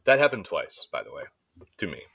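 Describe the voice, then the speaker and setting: A man with a very low voice but a bright, forceful edge tells frank, swearing stories in a casual chat, slipping into the voices of the people he quotes. The sound is close and dry, with no room around it. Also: big pitch swings, a little fast, vocal fry, breathy edge, no echo. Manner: candid, swearing storyteller who acts out quoted voices.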